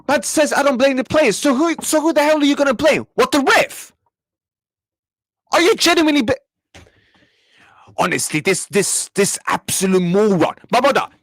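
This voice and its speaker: A man's voice: very high voice, a bit bright, no room sound, clean studio sound. Angry young man ranting. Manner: angry, repetitive, swearing, talks back to chat. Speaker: football reaction streamer. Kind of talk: live match reaction rant.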